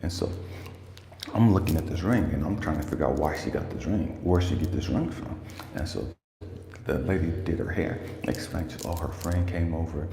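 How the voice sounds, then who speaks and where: Deep gravelly man in an echoey room. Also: normal speed, mellow, a little hiss or hum. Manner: profane, heated, preachy. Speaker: life coach and speaker. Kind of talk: casual storytelling rant to camera. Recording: echoey room with long reverb, faint ambience.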